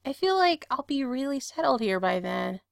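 A woman voicing an earnest grown man in a read-aloud story, speaking quietly and evenly. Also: very high voice, gravelly, clear, resonant tone, dry recording, clean studio sound, voice pushed up, exaggerated voice. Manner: quiet, measured, even. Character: adult man, recovering addict, earnest.

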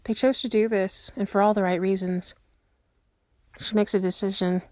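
A woman narrating a story aloud in a steady, measured way. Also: medium pitch, no room sound, clean studio sound. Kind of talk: reading fan fiction aloud.

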